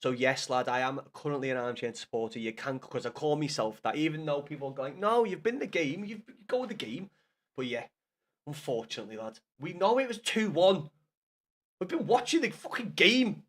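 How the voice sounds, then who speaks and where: Lively and a little fast, his voice sits on the high side and sounds a bit bright. He's a hungover Liverpool man in his thirties with a Scouse accent, rambling casually to his stream viewers amid lots of swearing and restarted sentences.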